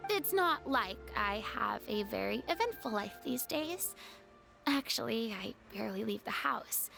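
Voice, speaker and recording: A haughty fallen young goddess. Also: female voice, on the high side, expressive, measured pace, creaky, over music, full character voice. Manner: haughty, dramatic. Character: dethroned young female ex-goddess, theatrical and proud. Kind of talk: game dialogue.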